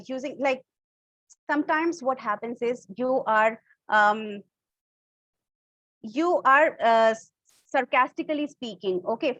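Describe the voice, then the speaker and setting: A woman with an Indian English accent runs an online public speaking class, explaining each point and demonstrating different tones of voice. Her voice sits high. The recording is dry and slightly dull, as from a call. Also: no echo. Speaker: public speaking workshop instructor. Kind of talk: live online class teaching.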